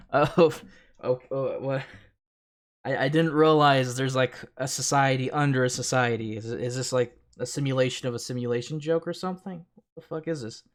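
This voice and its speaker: A man's voice: mid-range voice, fairly even intonation, normal speed. A man streaming casual reaction commentary, sarcastic, often laughing and stammering on repeated words.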